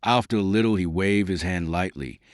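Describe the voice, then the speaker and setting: A man narrating a historical novel as an audiobook, in a measured, expressive reading on a close mic. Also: sits low, no echo. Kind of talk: storybook narration.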